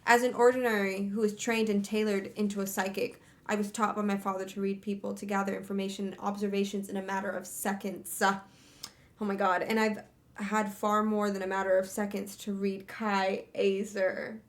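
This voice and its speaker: A woman's voice: medium pitch, little pitch movement, normal speed. Young female streamer, home setup, first-person novel reading with offhand breaks. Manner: reads in first person, breaks off to laugh and curse. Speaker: streamer hosting a book club reading. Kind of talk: reading a novel aloud with casual asides.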